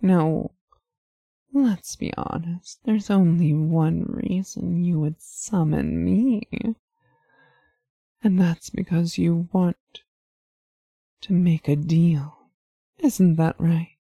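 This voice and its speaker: Woman doing a teasing female demon, purring, dark-toned, very dry close sound, slightly muffled. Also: on the low side, drawn-out words, vocal fry, pauses often, slightly rough, no room sound, exaggerated voice. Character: seductive teasing female demon, tall and clawed.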